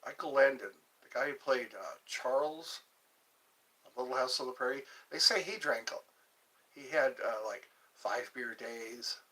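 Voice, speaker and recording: A man's voice: mid-range voice, a little slow, pushed and bright, far from the mic. A man hosting a casual livestream, rambling and joking as he chats with his viewers. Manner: rambling, jokey, chatting with viewers. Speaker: livestream host.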